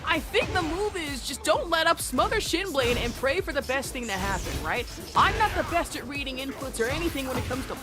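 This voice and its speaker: A young woman commentating a fighting game match, excitable and playful, joking and laughing between calls. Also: high-pitched, brisk, hardly any pauses. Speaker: esports commentator. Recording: loud music bed behind.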